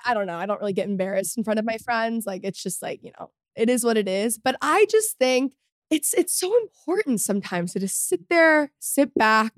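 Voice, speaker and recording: Young female podcast host, high-ish voice, self-mocking rambler, dry booth sound. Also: no room sound. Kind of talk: solo podcast chat.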